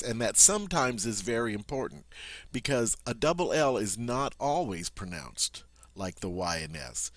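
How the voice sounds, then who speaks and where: Guy teaching french sounds, lowish voice, dry close sound, slow patient demo style. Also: a bit bright, no echo. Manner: patient, demonstrates sounds slowly, checks in with "all right?". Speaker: language teacher. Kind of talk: pronunciation lesson.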